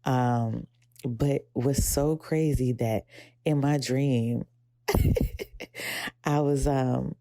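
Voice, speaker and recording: A woman's voice: fairly even intonation, drawn-out words, pauses often, warm tone, dry recording, studio quality. A young adult woman with a Southern American accent, hosting a podcast, talking casually and reflectively, rambling and getting teary at times. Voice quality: gravelly low voice. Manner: reflective, rambling, quotes her inner voice in high pitch. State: emotional, teary. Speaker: podcast host. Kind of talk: casual personal talk.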